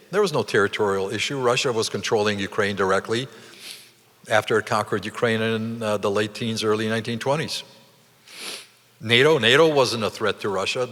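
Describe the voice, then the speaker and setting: A low-pitched man with a forceful, tense voice delivers a commemorative lecture with emphatic, deliberate phrasing and rhetorical questions. His words ring out with a long reverb tail in an event hall. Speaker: guest speaker.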